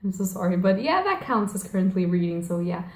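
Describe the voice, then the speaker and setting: A woman's voice: on the low side, sing-song, fairly quick, a little mellow. A young woman chatting casually as a book vlogger, gushing and rambling, often correcting herself and filling with "um" and "like". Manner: rambling, gushing, self-correcting, frequent fillers. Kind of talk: casual chat. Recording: echoey room.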